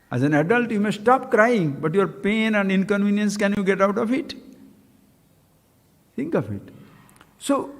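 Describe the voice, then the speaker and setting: A man's voice: high-pitched, in a large hall. A man giving a spiritual talk, asking his listeners questions and repeating key phrases to stress them. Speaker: spiritual teacher. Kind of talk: live-streamed spiritual talk.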